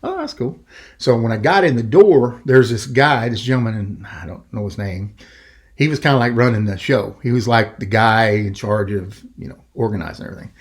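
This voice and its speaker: A middle-aged man hosting a podcast, telling a story in a rambling, animated way and acting out the quoted voices. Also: fairly low pitch, fairly quick. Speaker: podcast host. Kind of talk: casual storytelling.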